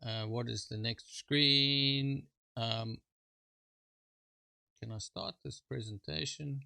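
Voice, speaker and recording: A man presenting a screen-share software walkthrough, talking in a halting way with fillers and informal asides. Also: medium pitch, steady tone, gravelly, clean tone, no echo. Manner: halting, full of fillers and restarts.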